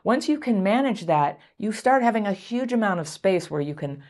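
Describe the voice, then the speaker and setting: A woman coaching viewers through a self-help talk, speaking in a gentle, encouraging, conversational way and laughing lightly between points. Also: medium pitch, animated, normal speed. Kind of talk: advice talk to camera.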